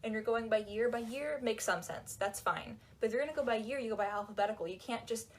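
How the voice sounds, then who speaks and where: A woman talking in a casual, animated and sarcastic way, with lots of "like"s, while she folds laundry. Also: on the high side, fast, a little hiss or hum. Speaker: book reviewer. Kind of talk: casual chat.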